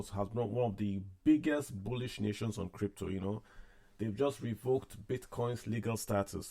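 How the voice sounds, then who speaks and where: A man's voice: fairly low pitch, darkish tone. A man hosting a casual finance discussion with callers, talking in a conversational way and repeating points to stress them. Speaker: podcast host. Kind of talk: casual discussion on a call-in show.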